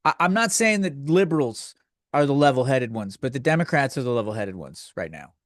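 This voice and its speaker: A man's voice: medium pitch, expressive, fairly quick, no echo, studio quality. A man hosting a comedy podcast, ranting in a crude, sardonic, rambling way. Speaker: podcast host. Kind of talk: comedic rant.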